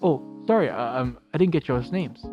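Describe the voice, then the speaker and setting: A man's voice: medium pitch, expressive, moderate pace, lo-fi sound, soft background music, lightly acted. A man voicing a nervous, apologetic young male furry character in a visual novel, stammering and hesitant.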